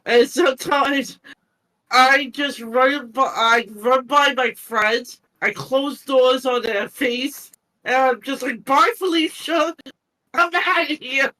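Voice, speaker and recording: A speaker chatting casually about games on a podcast, talking slowly in a drawn-out way. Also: sits high, fairly even intonation, sharp tone, low-quality recording. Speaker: podcast guest. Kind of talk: casual chat.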